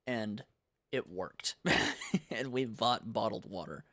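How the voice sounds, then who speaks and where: A man's voice: medium pitch, moderate pace, fairly bright tone, no room sound, clean studio sound. A young man from the United States chatting casually on a game-dev livestream, rambling and laid-back, full of slang. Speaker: game developer streaming.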